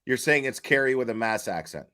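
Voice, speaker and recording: A man giving casual livestream commentary, halting and repeating words as he questions and answers his chat. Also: mid-range voice, animated, sharp tone, slight background noise. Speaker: online commentator.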